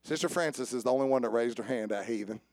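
A man's voice: mid-range voice, quick pace, no room sound. Preacher man, dry close sound. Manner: preaching with swings from soft asides to raised calls; joking with the congregation. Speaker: pastor. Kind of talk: sermon. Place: church service with instrument behind.

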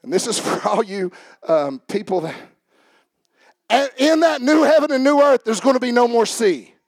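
A man preaching a sermon as pastor, swinging from quiet joking asides to shouted preaching and calling out to the congregation. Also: very high voice, expressive, moderate pace, no echo. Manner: talks back and forth with the congregation. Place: church service.

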